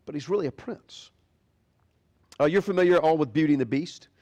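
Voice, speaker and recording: A man's voice: on the high side, a little fast, darkish tone. A man preaching a sermon as pastor, animatedly retelling a fairy tale. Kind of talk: sermon storytelling.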